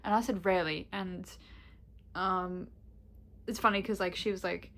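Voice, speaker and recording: A woman's voice: medium pitch, steady tone, unhurried, a bit bright. A young woman vlogging in casual chat, candid and rambling, swearing freely and laughing often.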